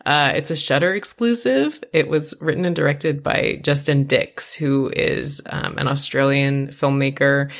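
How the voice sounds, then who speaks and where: A woman's voice: deep voice, a little slow, hardly any pauses. A woman co-hosting a film podcast, chatty and laughing at her own jokes. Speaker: podcast co-host. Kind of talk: casual podcast chat about a horror film.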